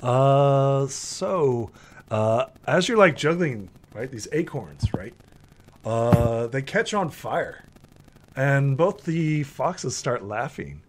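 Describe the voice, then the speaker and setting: A man's voice: mid-range voice, sing-song, takes it slowly, slight background noise. A man narrating as game master in a tabletop game, hesitant with many fillers.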